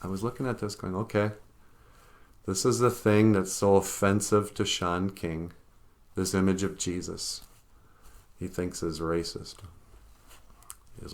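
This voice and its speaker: A man's voice: low-pitched, little pitch movement, unhurried, long pauses. A middle-aged man hosting his own vlog, rambling about art, laughing often and getting choked up with emotion. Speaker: vlogger host. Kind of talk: casual vlog commentary.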